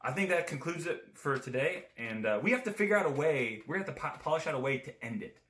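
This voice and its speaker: A young man jokes around in a casual podcast chat, goofy and animated. His pitch swings widely. The recording is roomy and echoey, with a faint hiss underneath. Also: fast. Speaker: podcast co-host. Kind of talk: casual comedic banter.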